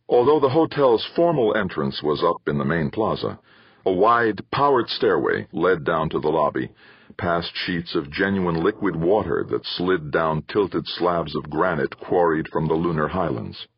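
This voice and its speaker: A man reading an audiobook novel aloud in an expressive storytelling manner, in a dull, dry lo-fi recording. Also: very deep voice, husky, dry recording. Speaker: audiobook narrator. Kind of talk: scripted narration.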